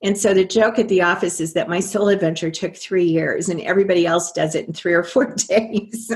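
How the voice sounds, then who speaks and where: A woman's voice: lowish voice, fairly quick. An older woman, a guest in an interview, telling her story earnestly and quoting her own past thoughts.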